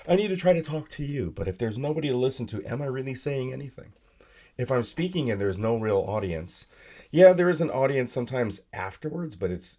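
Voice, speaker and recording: A man's voice: lowish voice, mellow. A tired man with a sore voice, hosting a solo live stream from his desk, rambling with lots of fillers and talking to himself as he clicks around his computer. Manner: rambling, filler-heavy, self-talk while using the computer. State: tired, sore voice from yelling at work. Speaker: podcast host. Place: home desk with laptop and monitor.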